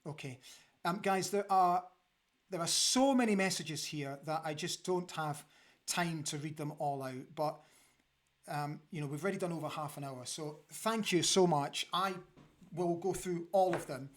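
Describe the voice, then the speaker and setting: Earnest Scottish man hosting a fan show. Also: on the high side. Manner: earnest, halting with frequent fillers. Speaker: football fan show host. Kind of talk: solo review show talk to viewers.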